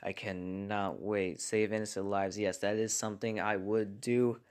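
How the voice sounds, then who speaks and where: A man hosting a casual comment-reaction vlog from his home garage, talking in a hushed voice to keep quiet. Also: on the low side, level tone, unhurried. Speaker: channel host reading viewer comments.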